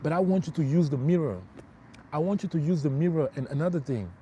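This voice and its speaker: Speaking fast in a slightly high, mellow voice against a bit of background noise, this middle-aged man coaches listeners on spiritual life during a livestream. The talk is emphatic and motivational, full of repeated key phrases and calls of bro.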